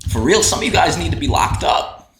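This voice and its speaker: A man's voice: a little high, animated, fairly quick, a bit bright, a little hiss or hum. A man hosting a casual livestream, ranting in a brash, profane, mocking way. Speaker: livestream host. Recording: roomy echo, faint typing.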